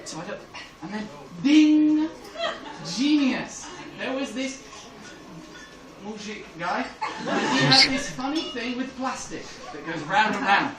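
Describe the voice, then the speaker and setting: A man's voice: sits high, lively intonation, measured pace, crowd noise. English man laughing through a comedy set. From England. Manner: laughing through his own jokes. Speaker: stand-up comedian. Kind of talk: stand-up storytelling. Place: club room with a live audience. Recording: echoey club from far off, noisy.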